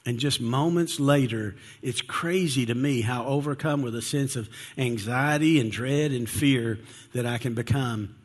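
A man's voice: medium pitch, unhurried, breathy edge. A male pastor preaching a conversational sermon, earnest and direct, with rhetorical questions and frequent restarts.

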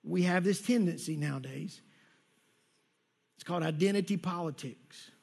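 A man's voice: high voice, moderate pace, vocal fry, darkish tone, slightly rough. A male pastor giving a conversational sermon to his congregation, often repeating words as he goes. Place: church sanctuary.

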